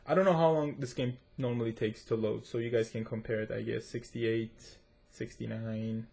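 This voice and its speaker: A man's voice: mid-range voice, fairly even intonation, normal speed, vocal fry, a little mellow. A man with a self-described accent giving chatty, rambling commentary to his viewers while he plays and tests a game. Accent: non-native accent, self-described. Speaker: gaming tech reviewer. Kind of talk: casual gameplay commentary.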